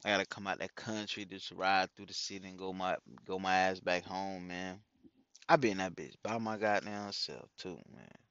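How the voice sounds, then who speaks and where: A man's voice: deep voice, fairly even intonation, moderate pace, a bit bright, clear, resonant tone, no echo, lo-fi sound. Rambling, profane man telling stories. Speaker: father talking to his followers. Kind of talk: casual storytelling monologue.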